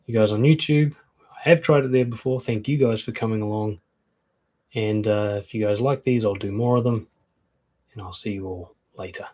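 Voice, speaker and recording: A man's voice: lowish voice, normal speed, dark tone. A man coaching on relationships in a live-streamed talk, frank and conversational, acting out quoted comebacks.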